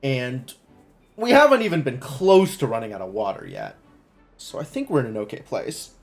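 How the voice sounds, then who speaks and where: Animated man musing over his game. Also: mid-range voice, normal speed, vocal fry, faint music behind. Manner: thinking aloud, rambling with lots of "like"; puzzled musing questions to himself. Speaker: game streamer. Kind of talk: casual live gameplay commentary.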